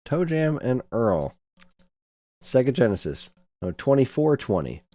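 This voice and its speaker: A man's voice: mid-range voice, very animated, a little slow, dark tone, dry recording. A man co-hosting a podcast, easygoing and joking, often restarting his sentences. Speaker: podcast co-host. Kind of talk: casual chat.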